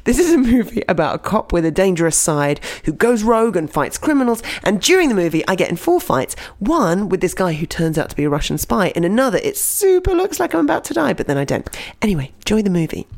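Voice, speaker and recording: A woman's voice: mid-range voice, very animated, fast talker, hardly any pauses, darkish tone. A woman putting on a breezy, boastful male movie star who narrates his own film and gives away the plot.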